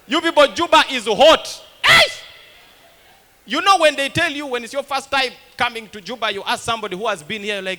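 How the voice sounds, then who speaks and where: Guy doing standup, high bright voice, acts out everyone in his stories. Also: moderate pace. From Uganda. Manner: animated storytelling that acts out other people's lines. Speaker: stand-up comedian. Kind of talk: stand-up comedy set.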